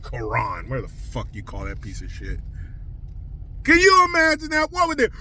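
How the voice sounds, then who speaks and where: A man's voice: mid-range voice, wildly swooping pitch, normal speed, pushed and bright, a little hiss or hum, low-quality recording. A man delivering crude, sarcastic ranting commentary while driving in his car. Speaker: commentary vlogger.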